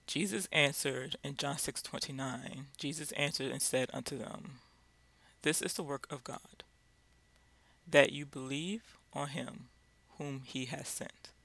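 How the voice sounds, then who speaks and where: A man's voice: medium pitch, measured pace, vocal fry, pushed and bright, no room sound. A man giving an informal Bible lesson, speaking directly and driving his points home with repeated rhetorical questions. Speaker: Bible teacher.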